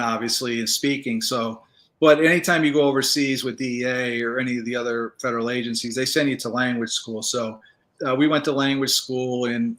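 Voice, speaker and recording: Speaking in a mid-range voice, this man, once a federal agent, rambles through his stories in a laid-back interview, leaning heavily on fillers.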